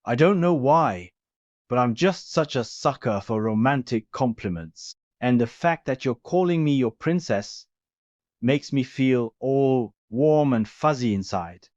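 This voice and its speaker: A man voicing a tender, affectionate young man in love, speaking softly and sentimentally. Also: medium pitch, expressive, measured pace, dry recording, natural voice. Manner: soft, gushing and sentimental. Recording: dull lo-fi recording.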